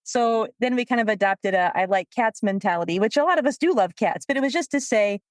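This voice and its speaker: A woman co-hosting a podcast, a dog trainer telling stories with a lively manner and frequent laughter. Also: a little high, brisk, dry recording, clean studio sound. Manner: lively storyteller, laughs often. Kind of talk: casual podcast chat.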